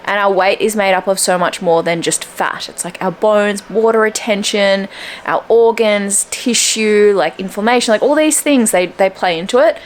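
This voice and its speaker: At normal speed, with slight background noise, a young fitness vlogger chats casually to camera about her day at home. She's upbeat and talkative, slipping into squeaky baby talk for her dog.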